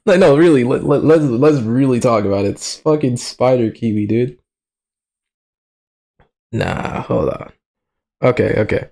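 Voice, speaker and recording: A man's voice: lowish voice, moderate pace, vocal fry, pauses often. A young man streaming live in casual commentary, talking in slang with lots of swearing and frequent laughter. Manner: slangy, profane, laughs often, excitable. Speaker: livestreamer.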